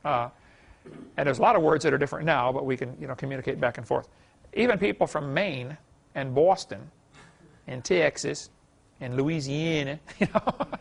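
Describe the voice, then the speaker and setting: A man's voice: fairly high pitch, creaky. A man giving a folksy classroom lecture, telling anecdotes with chuckles and many "you know"s.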